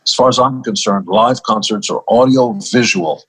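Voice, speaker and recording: Man, older, low pitch, husky, wry storyteller, interview guest. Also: moderate pace, a bit bright, poor audio. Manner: wry, laughs at his own stories. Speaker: musician guest.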